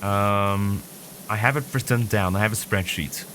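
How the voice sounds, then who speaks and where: A man's voice: on the low side, a little slow, a bit bright, slight background noise. A man hosting his live stream, playful and teasing toward his chat. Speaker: streamer, host. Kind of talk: casual chat.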